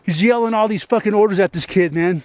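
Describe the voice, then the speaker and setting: Guy YouTuber, higher-pitched voice, dry and close, ranting and profane. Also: quick pace, darkish tone, dry recording. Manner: rambling, heavily profane, fillers of "man". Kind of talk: venting vlog monologue.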